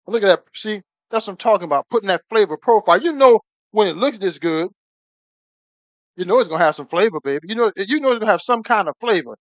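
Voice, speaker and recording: A man's voice: high voice, fast talker, no room sound. Hyped man cooking on a live stream. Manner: excitable, calls the viewers "baby" constantly, whoops. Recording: dull lo-fi stream audio.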